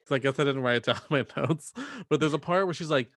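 A man co-hosting a podcast, recapping a film in casual chat and jumping into quick character impressions. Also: mid-range voice, no echo, clean studio sound. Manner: animated, mimics characters in quick bursts. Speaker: podcast co-host.

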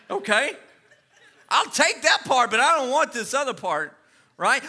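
A man in his thirties preaching a sermon as pastor, animated and joking with quick asides. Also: very high-pitched.

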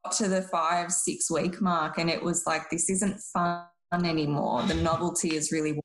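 A low-pitched Australian woman talks in a lively, slangy podcast chat as a psychologist guest. Her voice carries some room echo around it. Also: moderate pace. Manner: chatty, animated, slangy. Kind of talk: casual podcast conversation.

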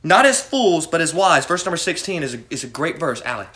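Man, youth Bible teacher, high voice, preaching, calls on students, roomy echo. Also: sing-song, a little fast, sharp tone. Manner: preachy, asks the group questions, calls on students by name. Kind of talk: youth Bible study lesson. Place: room with a student group. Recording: echoey room.

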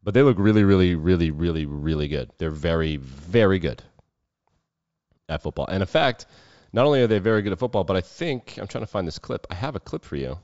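A man's voice: low-pitched, animated, a little fast, a little mellow, no room sound, dull audio. A man hosting a casual sports show, running through football picks in a loose, irreverent way with some swearing. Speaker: sports betting show host.

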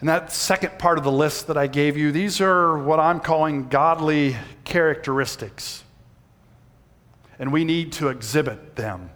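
A man's voice: fairly high pitch, measured pace. A man, preaching a sermon and telling a personal story in a folksy way. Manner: folksy storytelling, shouts when reenacting. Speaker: pastor. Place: church sanctuary. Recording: reverberant church hall.

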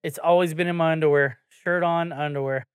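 A man's voice: a little high, fairly even intonation, brisk, smooth, dry recording. Male podcast host, casual and profane, dry close mic. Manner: swears a lot, loose and joking.

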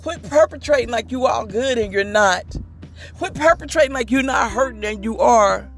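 A woman's voice: on the high side, animated, normal speed. A woman giving an inspirational monologue, candid and emphatic, repeating phrases for rhythm like a preacher. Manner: candid and confessional. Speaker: motivational speaker.

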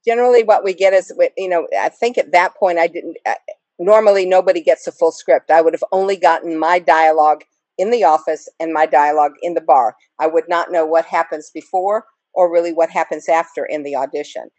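A woman's voice: lowish voice, fairly even intonation, brisk, a little mellow, dry recording. A woman actress guest talking casually in an interview, rambling with many fillers and small laughs.

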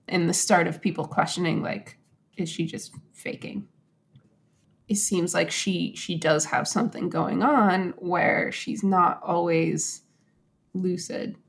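Woman, podcast host, casual storytelling, animated, acts out quotes. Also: on the low side, gravelly.

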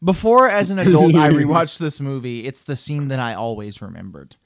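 A young man co-hosting a casual movie chat, animated and jokey, often talking over the others. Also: a little high, fairly quick, a crowd in the background. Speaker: podcast co-host.

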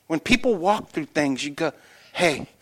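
A middle-aged man preaching a sermon as pastor, telling stories with animated energy and dropping to quiet, earnest emphasis. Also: fairly high pitch, moderate pace. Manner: animated storytelling that shifts between loud excitement and quiet earnest emphasis.

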